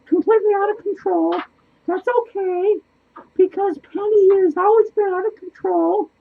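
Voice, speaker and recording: A man playing a lonely, foul-mouthed male clown who rambles excitedly, swears constantly and loses his train of thought, in a comedic monologue. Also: normal speed, vocal fry, phone-quality sound. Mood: manic. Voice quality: squeaky, swears constantly, laughs wildly. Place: small cluttered home studio indoors.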